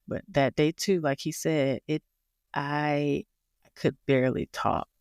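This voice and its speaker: A woman as a podcast guest, telling a personal story in a casual, animated way and laughing along the way. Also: sits low, slow pace, smooth, no room sound, clean studio sound.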